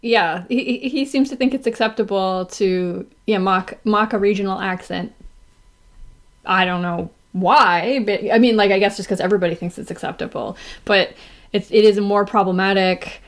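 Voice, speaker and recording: A woman co-hosting a casual podcast chat, giggly, with quick asides and lots of filler words. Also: mid-range voice. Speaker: podcast co-host.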